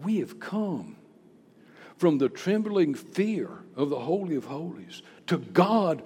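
A man preaching a sermon in a church, swinging from hushed, low passages to loud, emphatic outbursts. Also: very animated, slow pace, slightly rough. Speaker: pastor. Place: church sanctuary. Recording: long reverb of a large hall.

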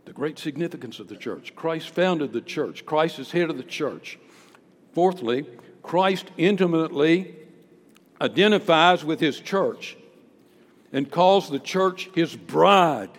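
A man preaching a sermon as pastor, emphatic, climbing to loud peaks on key phrases. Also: on the high side, lively intonation, takes it slowly. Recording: long hall reverb.

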